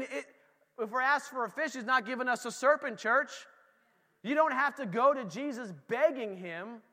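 A man preaching a casual sermon as pastor, animated and talking straight to the congregation. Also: very high-pitched, long reverb tail.

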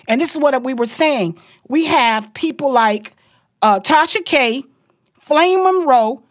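A woman podcast host, delivering a loud, profane, forceful rant. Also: high voice, dry recording, studio quality.

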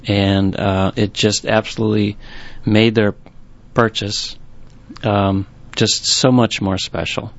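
Halting, low-voiced man telling shop stories. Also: level tone, vocal fry. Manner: rambling, halting, with many restarts. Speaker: bookstore owner. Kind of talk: storytelling interview. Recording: dull, lo-fi recording.

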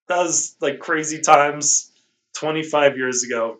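Sarcastic man, slightly high voice. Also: a little slow, a bit bright. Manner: sarcastic, exaggerated mock disbelief. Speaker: podcast co-host. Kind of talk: casual chat.

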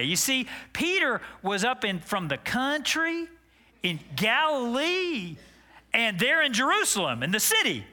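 A man preaching an animated, dramatic sermon as pastor. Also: very high voice, unhurried.

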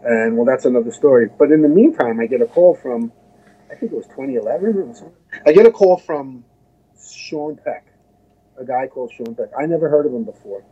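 A man's voice: medium pitch, lively intonation, fairly quick, mellow, breathy edge. Rambling American man on dull audio. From United States. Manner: rambling, many restarts and asides. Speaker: guest musician. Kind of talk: casual interview storytelling.

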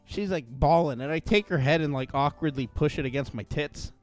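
A man co-hosting a podcast, telling an anecdote in a casual, profane, animated way. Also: on the high side, fairly quick, soft background music. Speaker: podcast co-host. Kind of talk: casual storytelling chat.

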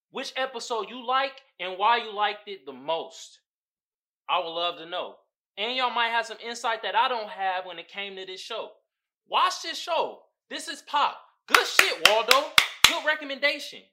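A man hosting a podcast, in casual comedic commentary that is animated and profane, with frequent laughs. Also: high voice. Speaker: podcast host.

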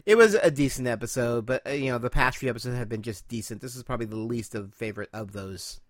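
A man's voice: medium pitch, fast, dry recording. Hesitant man in a dry, close recording. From not British. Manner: hesitant, restarts and qualifies often. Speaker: podcast host. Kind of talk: casual chat.

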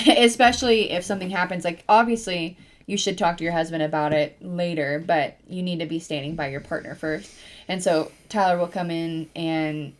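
A woman's voice: fairly low pitch, fairly even intonation, moderate pace. A woman in her thirties co-hosting a casual chat, chiming in often and laughing along. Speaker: podcast co-host.

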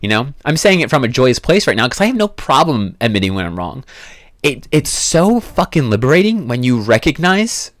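A man's voice: mid-range voice, sing-song, normal speed, no echo, clean studio sound. A man hosting a podcast, giving a blunt motivational monologue full of swearing and emphatic repeated phrases. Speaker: podcast host.

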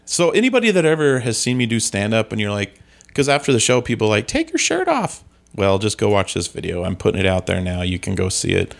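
A man with a low, gravelly voice tells comedy-club stories on a casual podcast. He rambles and corrects himself as he goes. His low pitch and rough, creaky edge carry through his chat. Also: lively intonation, fast talker. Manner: rambling, self-correcting storyteller.

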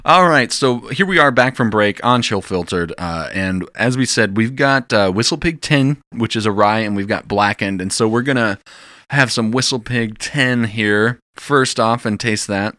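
A man co-hosting a podcast, talking in a relaxed, rambling way with plenty of fillers and restarts. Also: fairly low pitch, moderate pace, dry recording, studio quality. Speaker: podcast co-host. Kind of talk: casual chat.

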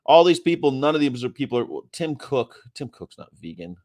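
A male host talking loosely on a livestream, swearing casually as he wanders between topics. His voice sits at an ordinary middle pitch. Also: big pitch swings, fairly quick, darkish tone. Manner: rambling, profane, chatty.

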